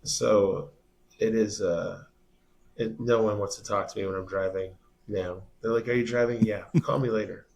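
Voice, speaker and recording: A man chatting casually as a musician guest, telling stories in a soft, laid-back way with some swearing. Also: on the low side, steady tone, moderate pace, creaky. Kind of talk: casual chat.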